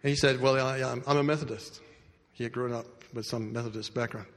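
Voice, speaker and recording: A man's voice: medium pitch, a little fast. Man preaching a story in a reverberant hall. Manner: animated storyteller, swings between loud bursts and quiet asides. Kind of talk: sermon storytelling.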